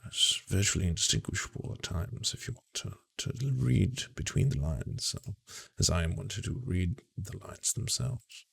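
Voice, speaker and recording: A man doing an impression of a pompous older intellectual, drawling slowly and quietly. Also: low voice, animated, vocal fry, slightly rough, exaggerated voice. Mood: smug. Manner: slow, hushed, drawling.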